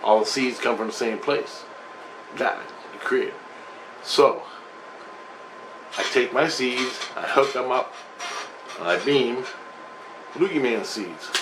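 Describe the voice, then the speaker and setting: A man tells a long personal story in a loose, rambling way, swearing freely and pressing hard on his words. His voice sits at an average pitch, with faint noise behind it. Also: slow pace, long pauses. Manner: profane, emphatic, conversational.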